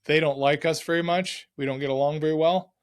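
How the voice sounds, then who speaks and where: A man's voice: a little high, fairly even intonation, fairly quick, lightly acted. A man voicing a plain-spoken older male oil field supplier as he retells a phone call, in a blunt, matter-of-fact manner. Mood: frank.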